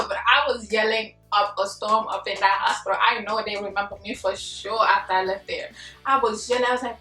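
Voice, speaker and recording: An animated young woman with a fairly high voice tells her own story to camera, slangy and expressive, acting out her past yelling. She sounds a little distant from the mic, in an echoey room with faint music underneath. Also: a little fast. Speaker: vlogger.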